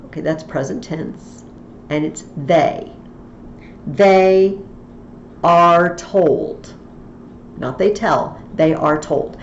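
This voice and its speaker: A woman's voice: lowish voice, darkish tone, roomy sound, lo-fi sound, slight background noise. A woman teaching a Latin lesson in a recorded tutorial, explaining each form patiently, step by step.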